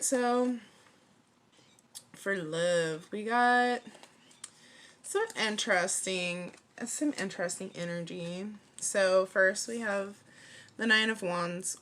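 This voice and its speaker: A woman's voice: lowish voice, a bit bright. A woman in her thirties giving a casual tarot reading to camera, chatty and playful, leaning on "like" and laughing often. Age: 30s. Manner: chatty, fillers of "like", frequent laughter, playful slang. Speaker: tarot card reader.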